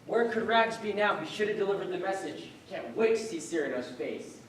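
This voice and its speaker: A young man acting out a smug, scheming army officer with a rather high voice, barking orders with sarcastic relish. The school stage play is heard from a distance in an echoey room. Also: expressive, brisk, a little hiss or hum. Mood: smug, commanding. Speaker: stage actor. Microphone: far room microphone. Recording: echoey stage recording from far off.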